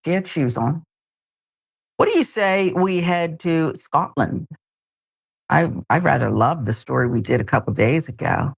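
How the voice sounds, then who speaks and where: A woman's voice: low voice, expressive, a little slow, gravelly, slightly rough. A woman hosting a news talk show, giving wry, sarcastic commentary.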